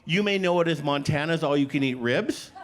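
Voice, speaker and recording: A middle-aged man doing a stand-up comedy set, playful with deadpan punchlines, acting out both sides of conversations on stage. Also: a little high, a little fast. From Canada. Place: comedy stage before a live audience.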